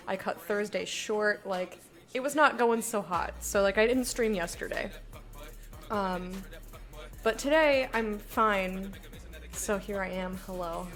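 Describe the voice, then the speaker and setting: A woman streamer chatting casually with her viewers, bubbly in her greetings and candid and low-key when she talks about herself. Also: fairly bright tone.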